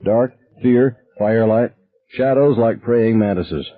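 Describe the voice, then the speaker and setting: A man reading a novel aloud as a first-person narrator, in a measured, somber storytelling manner. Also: fairly low pitch. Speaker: audiobook narrator. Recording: narrow phone-like sound.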